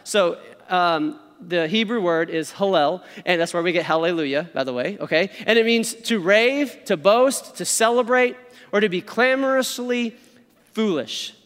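A man preaching a sermon, explaining scripture with lively storytelling and frequent "okay?" check-ins. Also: high voice, normal speed, smooth, big-room sound. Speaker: pastor.

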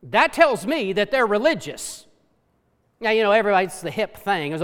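Male preacher, very high voice, lively pitch, impassioned sermon, long hall reverb. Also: moderate pace. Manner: impassioned preaching, drops to low hushed tones for emphasis.

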